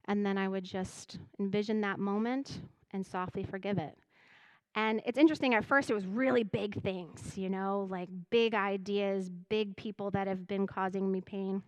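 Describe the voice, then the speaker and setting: A woman giving a spiritual message to a congregation, speaking gently and reflectively, often voicing her own inner thoughts. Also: mid-range voice, steady tone, normal speed, clear, resonant tone, no echo. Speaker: church music director giving a message.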